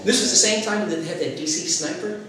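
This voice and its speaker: A man giving a stump speech as a political candidate, an animated storyteller who acts out quotes, recorded by a far camera in a former classroom. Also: sits high, fast, crowd noise. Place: former classroom at a local meeting. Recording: echoey room, far camera, noise.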